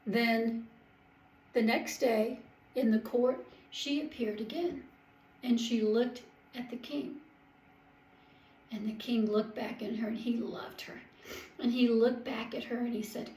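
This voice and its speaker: A woman's voice: on the high side, a little mellow, echoey room, low-quality recording. Homey woman telling a Bible story. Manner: homey, with small slips and self-corrections. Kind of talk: home storytelling of a Bible tale.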